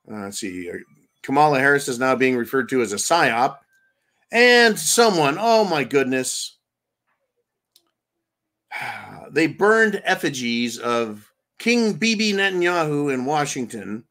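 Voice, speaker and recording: A man's voice: on the high side, fairly bright tone. A man hosting a livestream, reading viewer comments and mocking the news in a sarcastic, casual way with many fillers. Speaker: livestream host.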